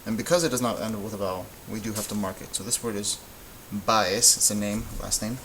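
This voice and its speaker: A man's voice: on the low side, fairly quick, a bit bright, slight background noise, low-quality recording. A man teaching a lesson at a whiteboard, explaining step by step in a patient way and stopping to correct himself. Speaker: Spanish teacher.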